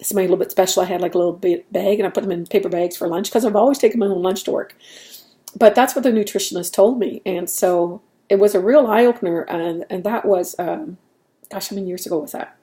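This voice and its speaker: A woman's voice: mid-range voice, quick pace, mellow. A woman talking in a casual, rambling way at home, laughing at herself as she goes. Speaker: vlogger. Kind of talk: casual chat.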